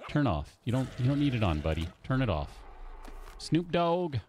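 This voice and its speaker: A man's voice: medium pitch, big pitch swings, moderate pace, a little mellow, a little hiss or hum. A man live-streaming a game, chatting casually with viewers in a playful, talkative way. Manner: playful, chatty, keeps greeting viewers by name.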